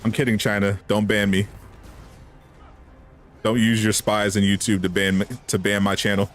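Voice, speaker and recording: A man's voice: on the low side, little pitch movement, moderate pace, soft background music. A man chatting casually on a live stream, answering viewers with teasing banter and frequent laughs. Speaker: gaming streamer.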